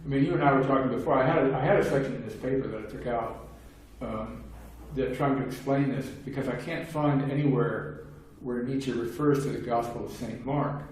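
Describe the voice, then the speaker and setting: A man's voice: mid-range voice, steady tone, brisk, few pauses, a little mellow. A man giving a conversational academic lecture on philosophy, explaining at length with wry, casual asides. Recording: very echoey room, distant mic, faint noise.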